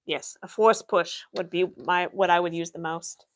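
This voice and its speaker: Woman streamer, dry deadpan office humor. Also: on the low side, moderate pace. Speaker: livestreamer playing an Imperial office worker. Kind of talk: in-character livestream Q&A.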